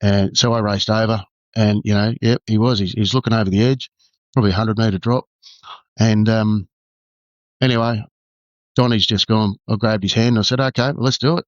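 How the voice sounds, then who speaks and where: Low-voiced Australian man, halting storyteller. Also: steady tone, dry recording, highs cut off. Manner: halting, full of "you know" and restarts. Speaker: guest, former undercover detective. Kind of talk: candid storytelling.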